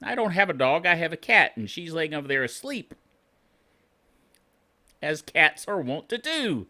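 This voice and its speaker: A man hosting a tech show, talking straight to camera in a lively, swooping voice with a bright, sharp edge. He gripes like a cheerful curmudgeon, chuckles a lot and keeps asking "okay?" between his tips. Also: on the high side, unhurried. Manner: griping, self-styled curmudgeon; chuckles often, tags lines with "okay?".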